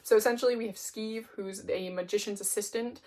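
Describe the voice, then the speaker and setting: A woman's voice: medium pitch, steady tone, a little fast, mellow. Chatty young woman book vlogger. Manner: chatty, peppered with "like". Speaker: book reviewer. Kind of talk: casual chat.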